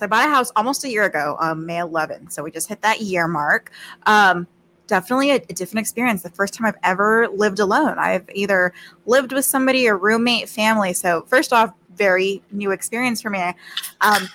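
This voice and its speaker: A woman's voice: mid-range voice, brisk, sharp tone, slight background noise. A woman from New Mexico answering questions as a guest in a casual chat, with many fillers. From New Mexico, USA. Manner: chatty, filler-laden.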